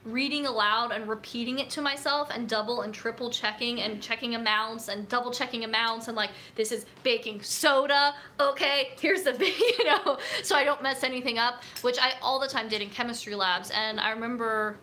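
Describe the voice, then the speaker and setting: A woman's slightly high, sharp voice moves briskly with hardly any pauses as she hosts a casual livestream, with slight background noise. She's a nutrition coach in a home room arranged for filming, recorded by a tripod camera, chatting in a rambling way full of fillers.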